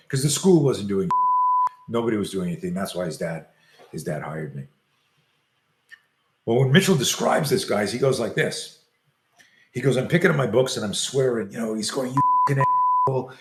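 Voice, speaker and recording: An older man, a self-defense coach, tells a long story in an interview and acts out the quoted lines as he goes. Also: medium pitch. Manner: animated storyteller acting out quoted dialogue. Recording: roomy echo.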